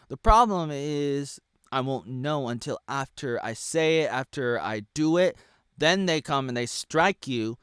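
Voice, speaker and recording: A man in his thirties from the United States delivering an erratic ranting monologue, dropping to low mutters and then yelling. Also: animated, a little slow, clear, resonant tone, no room sound. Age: 30s. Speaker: vlogger.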